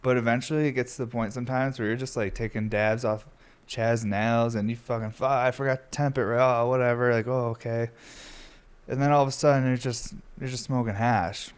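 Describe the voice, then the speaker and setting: A man's voice: mid-range voice, fairly even intonation, brisk, clear, resonant tone. A young man hosting a podcast, rambling in a laid-back way with lots of swearing. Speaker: podcast host. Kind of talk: casual stoner podcast chat.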